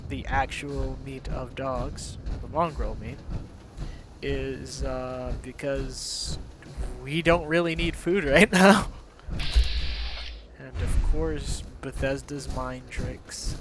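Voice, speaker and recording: Man, casual gameplay commentary, chatty and joking, mid-pitched, noisy game sound behind. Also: steady tone, takes it slowly, pauses often. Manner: chatty, jokey, mocks game characters.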